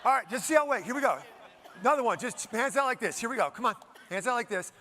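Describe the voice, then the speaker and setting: A man from Denver giving a high-energy keynote, playfully ordering the audience around with quick commands. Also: lively intonation, bright, forceful tone, a little hiss or hum. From Denver, Colorado. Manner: upbeat, playful, bossing the crowd with quick commands. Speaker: keynote speaker. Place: conference hall stage.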